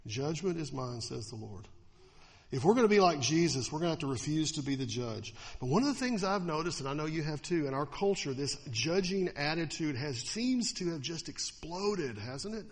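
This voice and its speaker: Male pastor, animated sermon delivery, fairly high voice, long reverb from the hall. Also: brisk, hardly any pauses. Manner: animated, acts out quoted attitudes in mocking voices.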